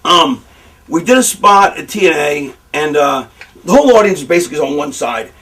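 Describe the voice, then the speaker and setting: A man's voice: on the high side, normal speed, far from the mic. A man, a pro wrestler, telling candid stories in an interview, rambling and swearing freely. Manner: rambling, profane, animated storytelling.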